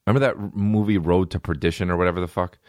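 A man's voice: sits low, very fast, no echo, clean studio sound. A man hosting a podcast, ranting in a profane, rambling, comedic monologue. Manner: profane, rambling, animated rants. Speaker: podcast host.

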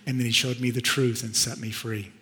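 Emotional pastor in a reverberant hall. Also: male voice, medium pitch, little pitch movement, brisk. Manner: emotional, shifts from loud outbursts to hushed tones. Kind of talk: sermon storytelling. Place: church sanctuary. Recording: long reverb of a large hall.

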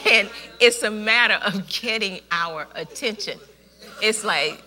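A woman's voice: mid-range voice, a little slow. A woman pastor preaching a sermon, telling a story with lots of laughter and emphatic, repeated phrases. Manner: animated storytelling, laughs often.

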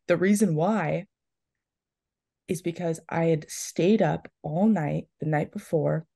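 A woman's voice: low voice, slow pace, creaky, dark tone, husky, dry recording, clean studio sound. A young woman in her twenties, co-hosting a podcast and telling a story in casual chat, with lots of "like"s. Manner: chatty storytelling, many "like"s. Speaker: podcast co-host.

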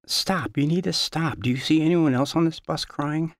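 A brusque handler snaps at a weeping worker in clipped, scolding bursts, voiced by a man reading his story aloud. The voice rides higher and pushier than the narration and keeps an impatient edge. The recording is dry, with no room sound. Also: normal speed, dry recording, close to an everyday voice.

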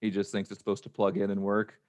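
A man's voice: lowish voice, completely flat delivery, fast, darkish tone. A man chatting casually on a podcast in an easygoing way. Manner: easygoing, laughs often.

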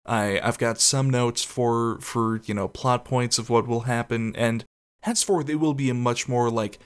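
A man's voice: mid-range voice, fairly even intonation, a little slow, clean tone. A man hosting a casual solo podcast, rambling and swearing, with frequent self-conscious laughs. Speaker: podcast host.

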